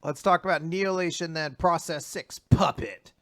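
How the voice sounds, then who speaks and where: A man's voice: fairly high pitch, moderate pace, fairly bright tone, no echo. Profane, laughing man co-hosting a podcast. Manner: profane, laughing, acts out quotes. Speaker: podcast co-host. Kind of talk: casual manga recap chat.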